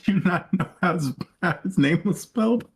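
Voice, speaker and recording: A man's voice: sits high, lively intonation, a little fast, slightly rough. A playful man co-hosting a podcast in casual chat, laughing often. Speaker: podcast co-host.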